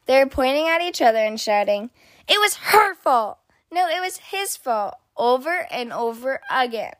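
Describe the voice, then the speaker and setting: A woman reading a children's picture book aloud in an expressive, sing-song storytelling manner. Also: on the high side, dry recording. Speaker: storybook reader.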